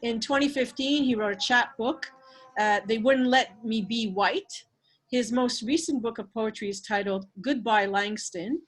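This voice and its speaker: A woman's voice: fairly high pitch, fairly bright tone, low-quality recording. A woman hosting an open mic over a video call, introducing a poet in an encouraging, admiring way. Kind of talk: introducing performers. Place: home, indoors.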